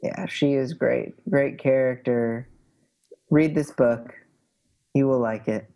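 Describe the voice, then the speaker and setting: A man's voice: mid-range voice, slow, creaky, dark tone, highs cut off. Playful man cohosting a podcast, jokey casual chat. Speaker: podcast co-host.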